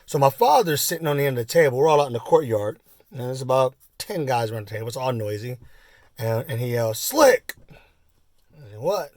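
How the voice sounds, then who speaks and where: A man in his forties telling a personal story in a casual, rambling way, full of fillers and asides, and getting animated as he acts it out. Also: mid-range voice, quick pace, no room sound. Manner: animated when acting out the story. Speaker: vlogger.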